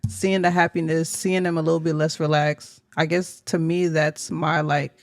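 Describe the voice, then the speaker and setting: A man's voice: fairly high pitch, flat delivery, moderate pace, no echo, studio quality. A man co-hosting a podcast, talking in a laid-back, reflective way with casual slang. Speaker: podcast co-host. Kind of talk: casual chat.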